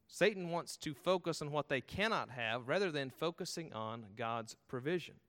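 A man's voice: medium pitch, a bit bright. Emphatic male preacher teaching scripture. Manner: emphatic, rhetorical questions, varied pacing. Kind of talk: expository sermon.

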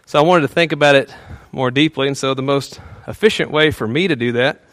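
This male pastor's sermon has a relaxed, conversational feel, sprinkled with fillers and small chuckles, and he goes soft and hushed when praying. His voice is medium in pitch and a little fast, and the recording is dry.

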